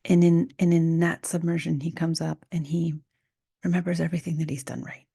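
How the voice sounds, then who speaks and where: Woman host, warm low tone, flat delivery, soft half-whispered reflective monologue. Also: brisk, vocal fry, husky, no echo, studio quality. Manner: soft, often half-whispered, musing with restarts. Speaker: podcast host. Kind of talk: reflective solo podcast talk.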